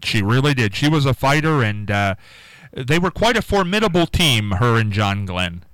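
A man's voice: medium pitch, sing-song, moderate pace, fairly bright tone, dry recording, low-quality recording. A man hosting a radio interview, upbeat and chatty, laughing along with his guest. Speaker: radio host.

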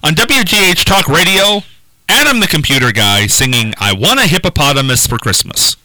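A male radio host with a very bright voice that leaps all over its range. He teases and presses his guest while keeping the banter moving. The mic sound is close and dry. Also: on the high side, very animated, moderate pace, no room sound. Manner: teasing, pushy, keeps steering the talk. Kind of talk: casual on-air banter. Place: radio studio.

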